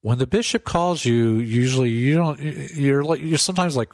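A man in a casual radio talk, his voice at an ordinary middle pitch, who tells stories with plenty of laughter. He acts out the voices of the people he quotes, recorded close and dry in a studio. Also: moderate pace, no echo. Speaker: priest guest. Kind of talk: casual storytelling interview.

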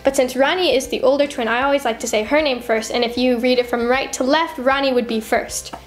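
A woman's voice: high-pitched, steady tone, fairly quick, faint music behind. A young woman in casual chat, reading fan questions aloud and answering them with lots of giggling.

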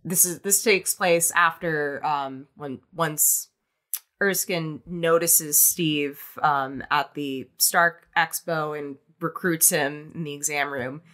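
A woman co-hosting a podcast, talking in a chatty, casual way with many fillers, restarts and lively bursts of emphasis. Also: low-pitched, slow. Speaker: podcast co-host.

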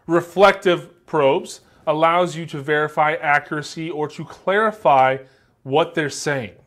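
A man teaching a class in a casual, joking way, acting out example answers with a light Southern American accent. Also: mid-range voice. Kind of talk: classroom lecture.

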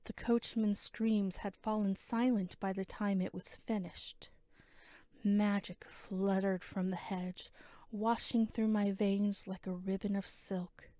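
Woman narrator, unhurried dramatic storytelling, close dry mic, mid-pitched voice. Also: level tone, dark tone, no room sound. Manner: slow, measured dramatic reading. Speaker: audiobook narrator. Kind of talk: scripted first-person story narration.

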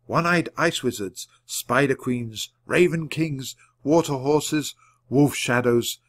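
Guy reading a kids' book out loud, steady clear pace, medium pitch. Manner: measured, clear reading at natural speed. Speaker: audiobook reader. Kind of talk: storybook narration read aloud.

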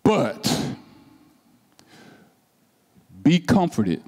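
A man preaching a sermon as pastor, slow and emphatic, with repeated rhetorical questions and passages that drop to soft, hushed tones. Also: high voice, very animated, in a large hall.

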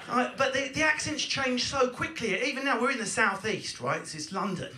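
A brash man with an Essex accent works a comedy club crowd in a high, punchy voice. He sounds mock-offended and blunt. The live recording carries a noisy background. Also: lively intonation, fairly quick, few pauses, roomy sound. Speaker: stand-up comedian. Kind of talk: stand-up routine.

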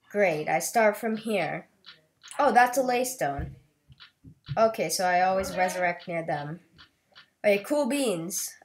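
A woman narrating her own gameplay in a let's play video, chatty and quick to exclaim at whatever appears on screen. She talks at an unhurried, drawn-out pace in a mid-range voice, playful and easily excited. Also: medium pitch, a little hiss or hum. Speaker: gaming video host.

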